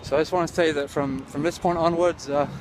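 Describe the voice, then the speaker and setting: Comedy vlogger, a man with a slightly high voice doing a deadpan, profane rambling rant; clear street traffic behind. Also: a little fast. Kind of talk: absurd comic rant to camera. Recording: clear traffic noise outdoors.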